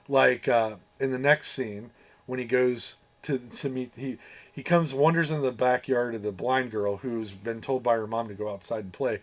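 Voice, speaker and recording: A man's voice: mid-range voice, moderate pace. Profane laughing man recapping a movie. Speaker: podcast host. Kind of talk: casual movie review chat.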